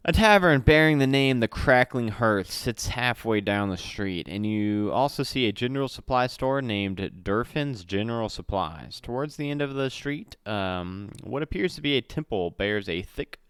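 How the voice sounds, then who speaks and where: A man's voice: medium pitch, expressive, moderate pace, hardly any pauses, fairly bright tone, clear, resonant tone, no room sound, studio quality. A man reading a solo adventure aloud as game master. He stumbles and corrects himself often and drops in chatty asides. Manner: reads with slips and self-corrections, chatty asides.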